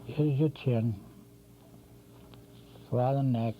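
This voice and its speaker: A man's voice: mid-range voice, fairly even intonation, very slow. An older man demonstrating cartoon drawing, talking casually and correcting himself as he works. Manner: rambling, talks while drawing, self-correcting. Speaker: drawing instructor. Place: local TV studio. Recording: dull lo-fi 1990s community TV audio with faint hum.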